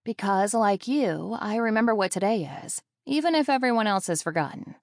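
A woman reading the lines of a brisk, upbeat adult sister in a storybook reading. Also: medium pitch, expressive, no room sound, studio quality, pitched above the performer's own voice, close to an everyday voice.

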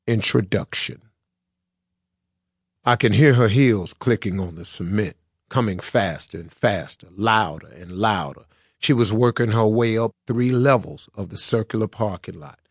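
A man's voice: on the low side, unhurried, no room sound. A man reading his own book aloud as an audiobook, with earnest, personal storytelling. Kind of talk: audiobook narration. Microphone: close studio mic. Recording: dry studio sound.

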